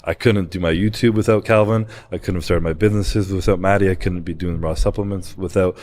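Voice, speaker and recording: A young man with a low voice talks quickly through a personal story on a podcast. He is candid and emotional, and he swears and uses fillers freely. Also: fairly even intonation, a little mellow, slight background noise. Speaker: guest.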